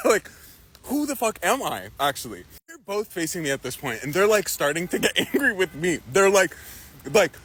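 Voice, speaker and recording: A young man telling a stand-up story, acting out the people in it and laughing often. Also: normal speed. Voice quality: husky, animated, laughs often. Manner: acts out the people in his story, jumps into high yelps. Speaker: comedian.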